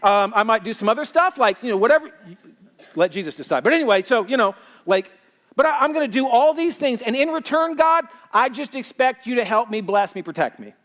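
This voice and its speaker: A male pastor preaching a conversational sermon, swinging between loud excitement and quiet softness, with lots of "you know" and "like". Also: very high-pitched, fairly quick. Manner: frequent fillers like "you know" and "like".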